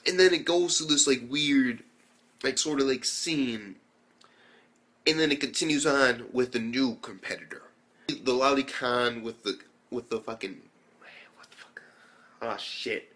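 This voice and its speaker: A man with an ordinary, middle-pitched voice rambles through an anime review. He swears freely and slips into quick impressions of the characters as he retells the fight scenes. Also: a bit bright. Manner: rambling, profane, acts out characters' lines. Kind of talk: casual spoken review.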